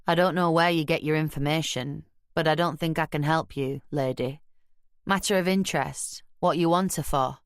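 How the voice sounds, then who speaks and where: A woman's voice: low-pitched, steady tone, moderate pace, clear, resonant tone, no room sound, studio quality. A woman doing a laconic Caribbean pool hustler. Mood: guarded, laconic. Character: lanky wary male pool hustler, cool and guarded.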